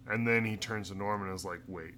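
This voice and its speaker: A man's voice: fairly low pitch, steady tone, quick pace, pushed and bright, slight background noise. A man co-hosting a podcast, chatting casually about a TV episode and mostly answering with short, easygoing agreement. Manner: laid-back, short agreeing replies. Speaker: podcast co-host. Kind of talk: casual chat recapping a TV episode.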